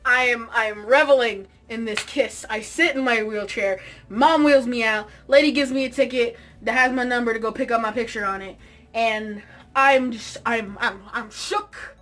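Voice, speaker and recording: A young woman with a high, bright voice recounts a personal story straight to camera. She is theatrical and comic, swinging between hushed asides and excited exclamations. Light music plays quietly underneath. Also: normal speed. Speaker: vlogger. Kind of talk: animated storytime vlog.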